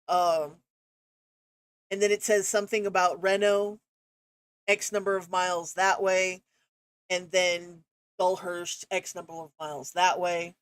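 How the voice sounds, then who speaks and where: A woman's voice: on the low side, flat delivery, unhurried, pauses often, clean tone, no room sound. Casual woman game master, dry sound. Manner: casual, with many fillers and laughs. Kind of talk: narrating a tabletop game.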